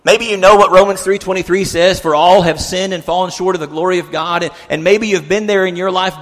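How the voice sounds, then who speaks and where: A man's voice: sits high, steady tone, fairly quick, hardly any pauses, fairly bright tone, big-room sound. A man in his thirties preaching a sermon, telling a story in an earnest way with many restarts. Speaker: pastor.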